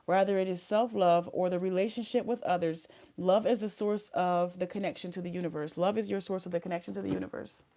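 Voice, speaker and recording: A woman's voice: fairly low pitch, steady tone, fast talker, few pauses, dark tone, a little hiss or hum. A woman giving a live tarot reading, chatting casually in slang and reading card messages aloud. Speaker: tarot reader.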